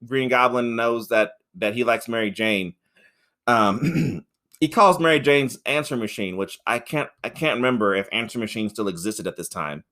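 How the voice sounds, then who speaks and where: A man's voice: medium pitch, moderate pace, sharp tone. Sex: man. Role: podcast co-host. Style: casual chat. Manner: rambling, swears often, acts out quotes. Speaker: podcast co-host reviewing a film.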